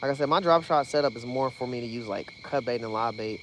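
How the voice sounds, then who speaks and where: A man chatting excitedly to a live-stream chat while fishing, swearing freely and out of breath. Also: medium pitch, fast, a little hiss or hum. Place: outdoors on a dock at night.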